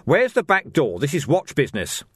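A man voicing a gruff, weary male watch commander who speaks in irritable, forceful outbursts. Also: a little high, huge pitch swings, moderate pace, no echo, clean studio sound, pitched above the performer's own voice, heavily acted.

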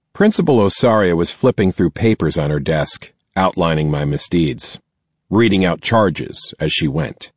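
A man narrating a first-person audiobook in a slow, expressive reading. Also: low voice, breathy edge, no echo, muffled recording.

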